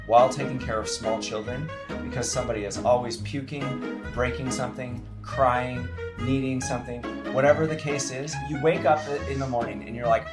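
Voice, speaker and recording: A middle-aged man co-hosting a podcast, speaking in a relaxed, conversational way with many fillers. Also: mid-range voice, moderate pace, few pauses, loud music behind the voice. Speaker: podcast co-host. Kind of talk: casual chat.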